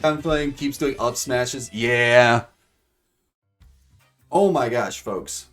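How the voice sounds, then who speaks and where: Excitable man doing rambling play-by-play. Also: medium pitch, extremely slow, distant mic, soft background music. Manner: excitable, rambling with many fillers, calls viewers folks. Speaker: streamer commentating AI fight bracket. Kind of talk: casual play-by-play commentary.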